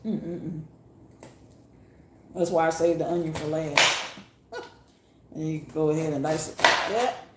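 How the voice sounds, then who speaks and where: In her echoey home kitchen, a woman vlogs a casual cooking demo, chopping while she chats, laughs, and exclaims, her eyes watering from onions. She speaks low and steady at a moderate pace, pausing often. Dishes, pots, and pans clatter loudly, making the background noise heavy.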